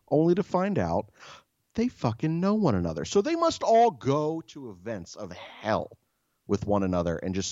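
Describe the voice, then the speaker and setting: A man's voice: medium pitch, a little mellow, no room sound, lo-fi sound. A man co-hosting a podcast, telling a story in a profane, exasperated rant. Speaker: podcast co-host. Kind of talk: casual storytelling.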